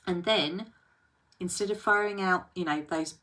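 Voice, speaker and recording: A woman's voice: fairly low pitch, normal speed, bright, forceful tone. A woman, a coach talking earnestly to the camera, thinking aloud and speaking straight to the viewer. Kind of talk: reflective talk to camera.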